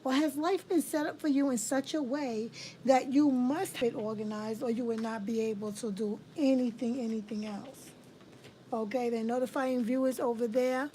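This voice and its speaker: Mellow-voiced woman hosting a tarot livestream. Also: on the high side, moderate pace, a little hiss or hum, poor audio. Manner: warm, affirming, repeats phrases for emphasis. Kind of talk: casual livestream tarot reading.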